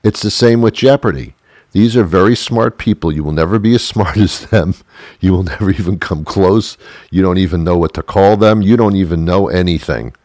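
A man with a very low voice riffs through a sarcastic comic monologue as the host of his own show. He rambles from one tangent to the next, often laughing at his own jokes. The recording is dry and close, with no room sound. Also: moderate pace, darkish tone, no echo. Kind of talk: comedic monologue.

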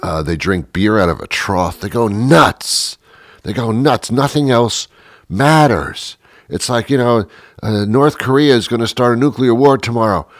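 A man hosting a comic monologue, deadpan and rambling, with many fillers. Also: medium pitch, normal speed, no echo. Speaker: host. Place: Boston area.

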